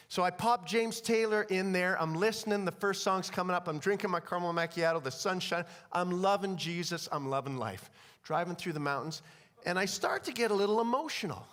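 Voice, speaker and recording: A man preaching at a conference, telling stories with animated energy and humor. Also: high voice, fairly quick. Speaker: conference speaker. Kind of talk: energetic sermon. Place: conference hall. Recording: long reverb of a large hall.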